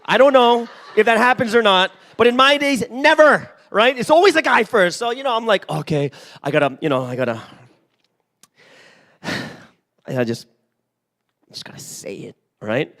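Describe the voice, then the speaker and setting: Animated high-voiced man preaching. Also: normal speed. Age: 40s. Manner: animated storytelling, acts out dialogue, often asks "right?". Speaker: pastor. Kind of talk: sermon with personal story. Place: church.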